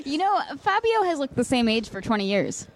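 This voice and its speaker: An easygoing woman chatting with her co-host over a restaurant meal, quick to laugh. Her slightly high voice moves lively, and faint noise sits behind. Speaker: podcast co-host. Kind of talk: casual chat.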